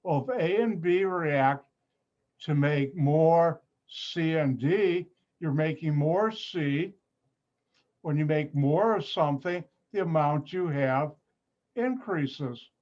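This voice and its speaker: Over muffled, lo-fi video call audio from a computer mic, a male chemistry professor patiently teaches an online class, going over points again and adding playful asides. He speaks slowly, his voice fairly high-pitched with a darkish tone.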